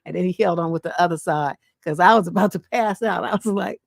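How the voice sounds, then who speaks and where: A woman host, telling stories on a casual livestream in a blunt, profane, animated way. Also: on the low side, fast, gravelly, no echo, clean studio sound. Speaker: relationship coach, live stream host.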